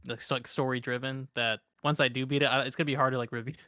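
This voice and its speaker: A man's voice: mid-range voice, level tone, quick pace, sharp tone, no echo, clean studio sound. A young man co-hosting a gaming podcast, rambling casually with lots of "like" fillers. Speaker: podcast co-host. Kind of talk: casual chat.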